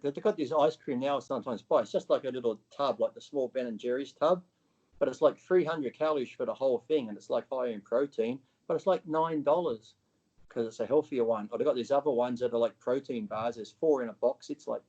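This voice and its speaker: A man's voice: medium pitch, fairly quick, darkish tone, highs cut off. A man talking as an interview guest in a casual, blunt way, swearing freely and acting out what other people say.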